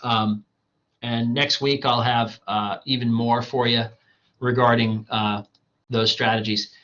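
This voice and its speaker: Male instructor, online lecture, casual "you guys" delivery, bright timbre, slightly hoarse, lo-fi capture. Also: mid-range voice, flat delivery, slow pace. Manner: casual, addresses students as "you guys", fillers "um", "right?". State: losing his voice. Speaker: college writing instructor.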